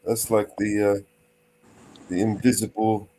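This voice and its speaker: A man's voice: on the low side, flat delivery, measured pace, mellow. A man hosting a livestream, bantering crudely and teasing as he swears freely. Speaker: livestream host.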